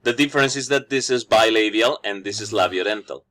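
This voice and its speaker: A man whose first language is Spanish teaches English phonetics, explaining each sound and repeating every example word after the audio plays. His voice is lowish and a bit bright, and he speaks fairly quickly.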